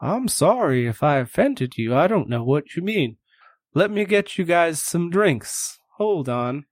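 A man doing a slow, gloomy panda bear hermit. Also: a little high, big pitch swings, no echo, clean studio sound, voice pushed up. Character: depressed clumsy panda bear hermit, male.

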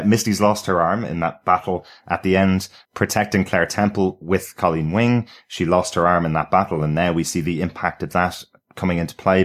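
Very deep-voiced enthusiastic male podcaster. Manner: enthusiastic, repeats words while thinking. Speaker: podcast co-host reviewing a TV series. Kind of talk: casual review chat.

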